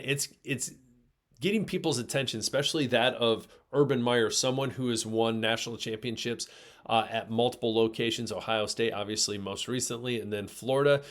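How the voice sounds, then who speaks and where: A man from Michigan co-hosts a casual sports talk show. He speaks in an ordinary middle register and makes emphatic points, piling up examples as he talks. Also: medium pitch. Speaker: sports podcast co-host.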